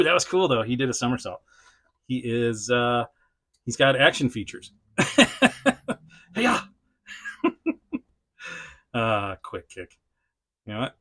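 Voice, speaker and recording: Bright-voiced man rambling through a toy vlog. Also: medium pitch. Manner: rambling, laughs often, chats to the action figure; frequent fillers and self-restarts. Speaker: toy reviewer, channel host. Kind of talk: casual unscripted vlog chat.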